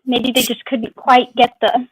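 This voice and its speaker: A woman's voice: a little high, little pitch movement, a little slow, breathy edge, dry recording, low-quality recording. A woman streamer chatting casually in an open group conversation, musing and drawing out her phrases. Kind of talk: casual chat.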